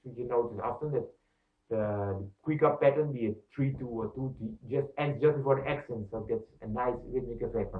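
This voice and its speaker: A man's voice: medium pitch, moderate pace. Man counting reggae beats in an echoey room. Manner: explains step by step, counts beats aloud, with fillers and restarts. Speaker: percussion teacher. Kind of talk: instructional demonstration. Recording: echoey room, distant mic, thin phone-like sound.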